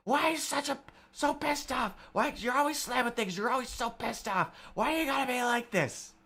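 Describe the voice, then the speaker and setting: A man doing a shrill, whiny angry young boyfriend. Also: moderate pace, exaggerated voice. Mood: whiny shouting. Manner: shouting, whiny, exasperated.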